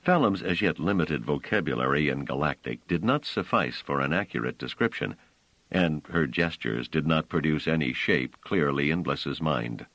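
A man narrating an audiobook with expressive storytelling. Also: extremely low pitch, normal speed, no echo, low-quality recording. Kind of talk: scripted narration.

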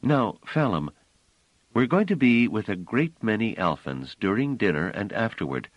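A man doing a gentle protective woman. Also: on the low side, big pitch swings, normal speed, no echo, highs cut off, voice pushed up. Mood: soothing.

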